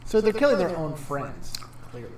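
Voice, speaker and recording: A man's voice: fairly high pitch, very animated, moderate pace, slight background noise. A man casually chatting and joking while streaming a game, swearing freely. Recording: roomy sound from a distant mic.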